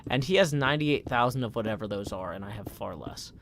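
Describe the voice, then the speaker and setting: A man in his thirties chatting casually on a live game stream, scattered and quick to mock-indignant outbursts. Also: fairly low pitch, expressive, a bit bright, a little hiss or hum.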